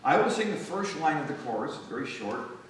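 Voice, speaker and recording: A man's voice: a little high, sing-song, brisk, a little hiss or hum. Guy telling stories between folk songs, friendly and jokey, mic far off, super echoey library room, guitar going. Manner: chatty, joking, coaxes audience to sing along. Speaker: folk musician. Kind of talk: storytelling between songs at a live concert. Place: public library event room.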